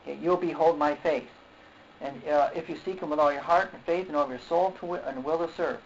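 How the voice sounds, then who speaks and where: Man preaching, halting and repetitive, fairly high voice, muffled lo-fi recording, faint hiss. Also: fairly even intonation. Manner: halting, repeats words, says okay often, clears throat. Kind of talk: sermon. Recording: dull lo-fi recording with faint noise.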